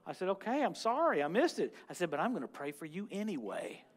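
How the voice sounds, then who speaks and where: A man preaching as guest minister at a church service, in an animated charismatic sermon that moves from loud exclamations to quiet prayer. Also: high-pitched, quick pace.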